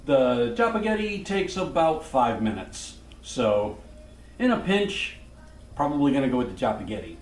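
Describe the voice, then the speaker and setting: A man's voice: medium pitch, sing-song, normal speed. A man, a vlogger chatting casually and joking at home. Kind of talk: casual chat. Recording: roomy with faint noise.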